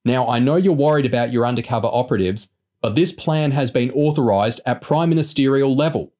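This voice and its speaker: A man reads the part of a dismissive male commando leader in a storybook reading. His voice sits a touch higher than the narration and carries a sour, patronizing edge. He sounds sure of himself and unbothered. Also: a little fast, close to an everyday voice. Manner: patronizing, sour, shouting over the line.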